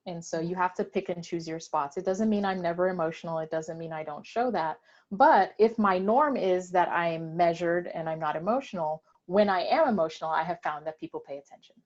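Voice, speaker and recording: A woman speaking in a deliberate, reflective way during a candid discussion on a video call. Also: fairly low pitch, darkish tone, muffled recording. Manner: deliberate, reflective, occasional laughs. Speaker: panelist.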